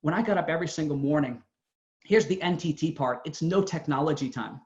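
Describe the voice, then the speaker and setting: A man with a fairly high voice gives an earnest motivational talk, pressing his points with emphasis as he tells his own story. The sound is dull and lo-fi. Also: fairly quick, a little mellow, roomy sound. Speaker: motivational speaker.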